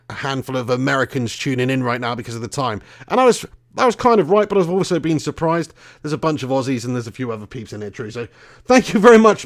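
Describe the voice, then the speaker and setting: A young man, hosting a casual live stream, chatty and swearing freely, laughing often. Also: medium pitch. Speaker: fan channel host.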